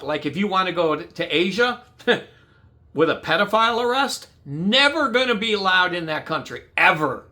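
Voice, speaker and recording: A man's voice: high voice, lively intonation, moderate pace, bright, forceful tone. A man from the United States telling his own story bluntly and angrily, swearing a lot and acting out the dialogue. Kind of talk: angry personal storytelling.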